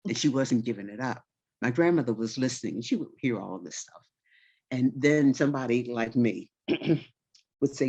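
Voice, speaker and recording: A woman storyteller telling a childhood tale in a relaxed, folksy, conversational way, full of vivid detail. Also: a bass voice, normal speed. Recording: slightly dull recording.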